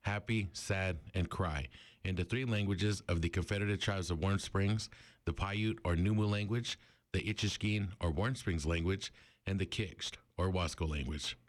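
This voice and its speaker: Male narrator, very low voice, steady and explanatory, lesson read-out. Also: normal speed. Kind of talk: scripted narration.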